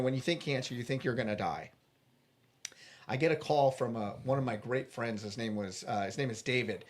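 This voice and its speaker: Earnest man telling a personal story. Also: medium pitch. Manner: earnest, animated retelling with quick restarts. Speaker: interview guest.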